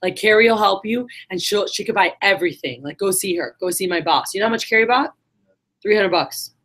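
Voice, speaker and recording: Speaking fairly quickly in a mid-range, fairly bright voice, a woman motivates her sales team casually and with some cursing. Her talk runs on stories, where she impersonates the people she quotes.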